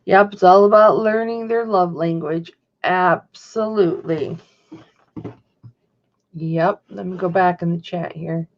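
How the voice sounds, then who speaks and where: A woman's voice: fairly low pitch, slow pace. Chatty woman on a dull lo-fi stream. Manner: chatty, rambling, reads and answers chat. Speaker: livestream host. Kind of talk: casual chat to a live audience.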